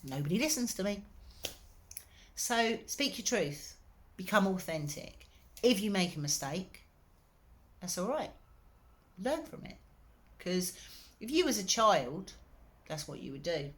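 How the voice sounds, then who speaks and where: A woman's voice: medium pitch, sing-song, measured pace, long pauses, fairly bright tone. A woman coach talking straight to the listener with earnest, encouraging advice, with a slight irritation in her throat. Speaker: wellbeing coach. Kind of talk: direct-to-camera advice talk.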